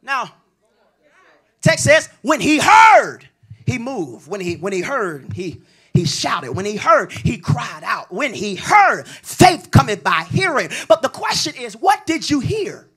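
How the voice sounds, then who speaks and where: A male pastor preaching a sermon, building into shouts and sing-song cadences, with call-and-response lines to the congregation. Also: very high voice, sing-song, slow, breathy edge.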